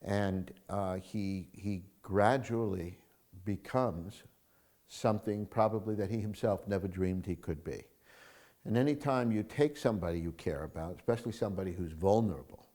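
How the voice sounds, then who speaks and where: Male screenwriter guest, lower voice, emphatic and animated, telling stories in answers. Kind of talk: interview answers.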